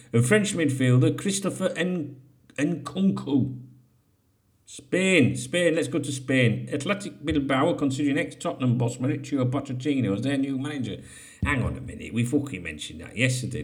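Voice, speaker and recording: A man hosting a casual solo podcast. He reads out headlines and breaks in with sweary, jokey asides. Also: medium pitch. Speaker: podcast host.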